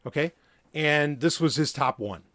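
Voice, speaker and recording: A male podcast host talks in a loose, conversational way and often pauses on fillers. His voice is close and dry, with no room sound. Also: on the high side, no echo. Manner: relaxed, with frequent fillers and restarts.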